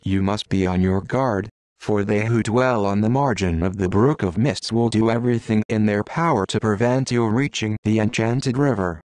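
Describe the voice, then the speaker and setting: A man's voice: lowish voice, moderate pace, hardly any pauses, darkish tone, no room sound, close to an everyday voice. A man voicing a wise male trout guide in a storybook, speaking in a solemn, warning manner.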